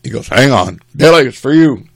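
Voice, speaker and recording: An older man casually telling a rambling family story, animated and chuckling as he goes. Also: medium pitch, fairly quick, breathy edge, dry recording.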